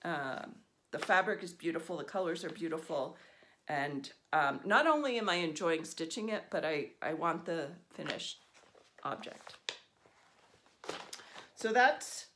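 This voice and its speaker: A middle-aged woman from New Jersey talks over her stitching with a lowish voice, wandering off topic and teasing herself. Her ums come often and she never hurries. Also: expressive, unhurried, long pauses, fairly bright tone, a little hiss or hum. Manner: rambling, self-deprecating, lots of ums. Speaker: stitching vlogger. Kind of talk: casual chat while stitching.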